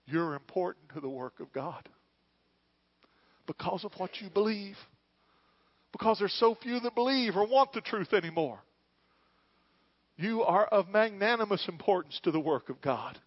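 A middle-aged male pastor preaching a sermon in church, moving between quiet, hushed lines and loud, fervent calls. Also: high voice, animated, moderate pace, long pauses, dry recording, highs cut off. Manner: preaching, swings from hushed to shouting.

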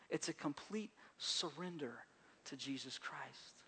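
A man preaches a Sunday sermon with a slightly high voice. He talks conversationally, repeating phrases and restarting sentences. His delivery swings between hushed, gentle stretches and raised, pleading emphasis. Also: normal speed. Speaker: pastor. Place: church service.

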